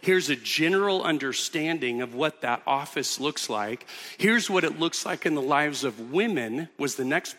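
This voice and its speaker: A man's voice: mid-range voice, pushed and bright, in a large hall. A man preaching a sermon as pastor, teaching earnestly with emphatic repetitions in a church auditorium.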